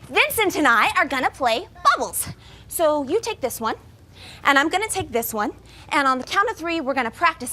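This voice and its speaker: Bubbly princess, high voice, bright tone, live children's stage show, a woman playing her. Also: slight background noise, full character voice. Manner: bubbly, talks to the children in the audience. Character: bubbly, spoiled young princess. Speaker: children's theater performer.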